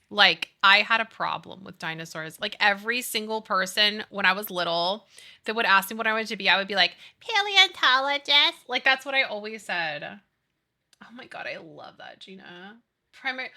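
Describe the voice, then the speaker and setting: A woman in her thirties streaming a life-sim game, chatting casually with her chat about childhood and movies. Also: medium pitch. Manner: chatty, animated, reads chat aloud. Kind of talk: casual chat while gaming.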